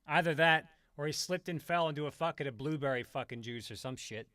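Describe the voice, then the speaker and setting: A man's voice: on the high side, a little fast, sharp tone, no echo, studio quality. A man streaming and ranting in profane, sarcastic, rambling commentary.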